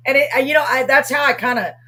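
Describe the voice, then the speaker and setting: A woman's voice: high voice, fast talker, pushed and bright. A middle-aged woman hosting a casual chat show, talking loosely with many fillers. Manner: chatty, many "you know" fillers. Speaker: host.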